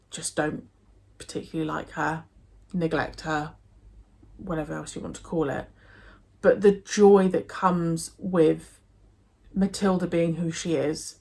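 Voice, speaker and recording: A woman's voice: lowish voice, creaky, slightly rough. A young woman from England chatting casually and enthusiastically about books she read, with many fillers and restarts. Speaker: book vlogger. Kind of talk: casual book review chat.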